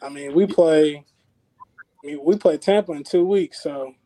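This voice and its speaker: A man joins a sports podcast as a guest, relaxed and mostly agreeing with the hosts. His voice sits slightly high. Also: unhurried, rough recording. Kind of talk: casual sports chat.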